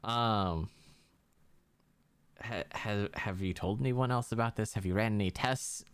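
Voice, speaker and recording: A man with a lowish, smooth and clear voice runs a tabletop game, rambling through scenes with lots of fillers and restarts. The sound is dry and close to the mic, with no room around it. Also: a little slow, no echo. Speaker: game master.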